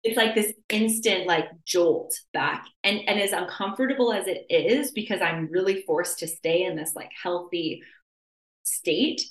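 A young adult woman talks through a casual podcast chat in a lowish voice. She's animated and leans on "like" constantly, acting out her inner voice. The room around her is echoey. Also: a little slow. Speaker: podcast host.

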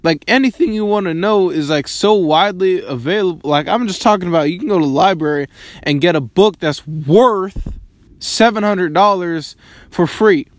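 A man's voice: sits high, moderate pace, dry recording. A man in his early twenties rambling casually, swearing often and filling his questions with "like". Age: 20s.

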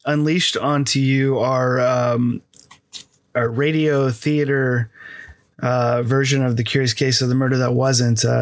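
A man from the United States co-hosting a podcast, talking casually with many fillers and restarts. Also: medium pitch. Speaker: podcast co-host. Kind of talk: casual chat.

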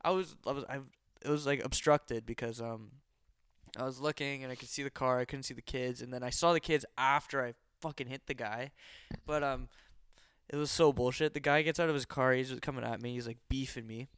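Young man, podcast co-host, smooth clear voice, dry close sound, sweary rambling storyteller. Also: mid-range voice, fairly even intonation, a little fast, fairly bright tone, no echo. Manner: swearing storyteller, loose and laughing. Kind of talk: casual podcast chat.

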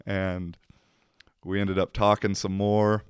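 A man with a low, resonant voice tells a loose, rambling story to the camera. He laughs often and swears casually along the way. The recording is dry and close, with no room sound. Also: flat delivery, takes it slowly, clear, resonant tone, dry recording.

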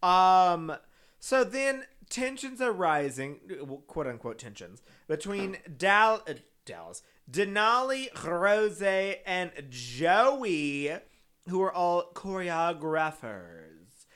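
A man's voice: high voice, very animated, takes it slowly, fairly bright tone, clean tone. A man from Texas casually chatting and recapping a TV show with a co-host, swearing freely. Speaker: podcast co-host.

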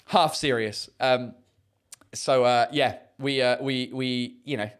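This comedian-host speaks slowly in a mid-range voice with fairly even intonation. Reading out viewer comments on a casual live stream, he rambles, leans on fillers, and swears now and then.

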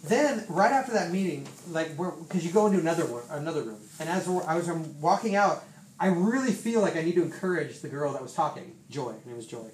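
A man in his thirties rattles through a testimony to a church group. He talks quickly and acts out what other people said along the way. He sounds distant from the mic, in a roomy space with a faint hum of ambience behind him. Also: a little high. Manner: animated storyteller, lots of fillers and acted-out quotes. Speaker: church member sharing a testimony. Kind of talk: casual spoken testimony to a group.

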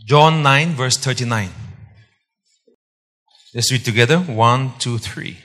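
A man's voice: medium pitch, takes it slowly, a bit bright. A man preaching a sermon to a congregation, emphatic, repeating key points and quizzing his listeners. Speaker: pastor. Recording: long hall reverb.

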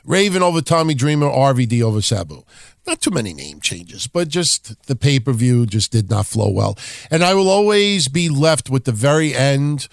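A man's voice: medium pitch, animated, normal speed, creaky, dry recording, clean studio sound. A man hosting a wrestling history podcast, talking in a blunt, profane, casual way with wry asides. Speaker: podcast host.

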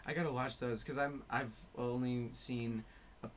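A young Australian woman chatting casually, joking and swearing freely, with bursts of loud laughter. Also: very deep voice, steady tone, moderate pace, over a noisy crowd. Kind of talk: casual chat.

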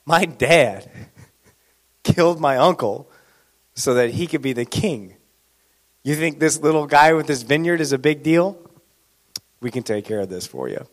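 A man voicing a scheming, manipulative queen, speaking in a hushed, coaxing way. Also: a little high, animated, a little slow, pauses often. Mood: sly confident.

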